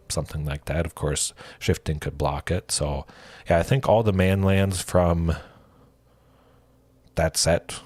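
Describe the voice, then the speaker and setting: A man streaming a card game, commenting casually and thinking aloud, with excited exclamations and a lingering cough. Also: sits low, no echo. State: coughing, with a cold.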